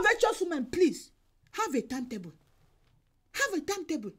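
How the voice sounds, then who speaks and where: A woman evangelist preaching a sermon over an online call, emphatic and exhorting, repeating her phrases and sometimes bursting into shouts. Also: very high-pitched, big pitch swings, moderate pace.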